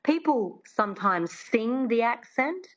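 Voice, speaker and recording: A woman's voice: a little high, expressive, takes it slowly, highs cut off. A woman dialect coach explaining accent work in an interview, chatty with many restarts. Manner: chatty, lots of fillers and restarts.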